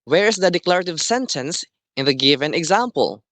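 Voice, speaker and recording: A man teaching a class, explaining slowly and deliberately and often checking in with "okay". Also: fairly high pitch, lively intonation, a bit bright, no echo. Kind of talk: classroom lesson.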